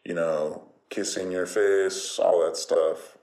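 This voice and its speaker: A man rambling casually and jokingly in a relaxed monologue, swearing now and then. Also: low voice, slow pace. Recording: roomy echo.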